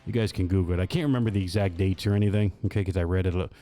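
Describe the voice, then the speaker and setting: A man's voice: low-pitched, fairly even intonation, rapid-fire, warm tone. A man co-hosting a podcast, telling a rambling story in a loose, casual way with lots of fillers and teasing laughs. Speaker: podcast co-host. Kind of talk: casual chat.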